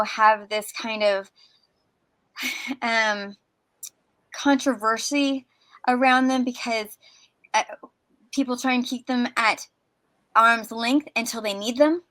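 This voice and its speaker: A woman's voice: fairly high pitch, a bit bright, no room sound, rough recording. A woman co-hosting a podcast, explaining at length in casual conversation, with many fillers and restarts. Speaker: podcast co-host.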